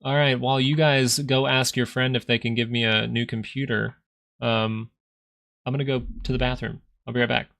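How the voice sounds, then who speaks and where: A man's voice: medium pitch, flat delivery, moderate pace, vocal fry, fairly bright tone, no echo, studio quality. A man hosting a casual stock market live stream, playful and joking as he answers viewer questions. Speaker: stock market livestream host. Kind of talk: casual live-stream chat about trading.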